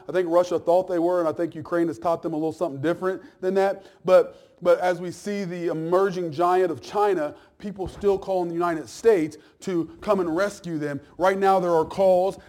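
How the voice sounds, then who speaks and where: A male pastor preaching in a casual, joking way, his fairly high voice jumping up for emphasis and dropping low and soft for asides. He slips into little acted-out voices as he goes. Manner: swings from loud emphasis to low, quiet asides. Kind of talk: sermon.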